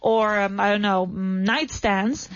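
A woman teaching an English class, drilling phrases and praising answers, modelling words slowly and clearly. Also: mid-range voice, fairly even intonation, no echo. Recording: dull lo-fi dry recording.

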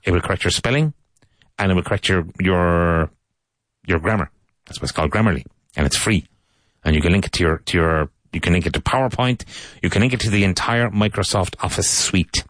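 A low-pitched Irish man gives an English lesson, repeating each phrase slowly and clearly so learners can follow. His voice is recorded close and dry, with no room sound behind it. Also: fairly bright tone, dry recording. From Ireland. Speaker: English teacher. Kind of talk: language lesson monologue.

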